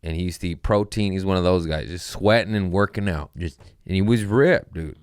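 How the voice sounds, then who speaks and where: Man, comedy podcast host, low voice, profane, animated storyteller, dry close sound. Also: a little fast, smooth, no echo. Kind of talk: casual storytelling.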